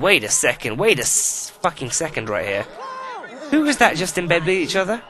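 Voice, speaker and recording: A man's voice: a little high, sing-song, fairly quick, sharp tone. A man giving profane, exasperated running commentary while playing a life-simulation video game. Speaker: let's play host.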